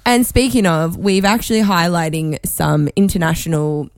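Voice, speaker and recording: Low-voiced aussie-raised woman hosting radio, rambly and chatty, dry close sound. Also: fairly even intonation, moderate pace, no echo. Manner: chatty, long-winded storytelling. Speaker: radio show host. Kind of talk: casual chat on air.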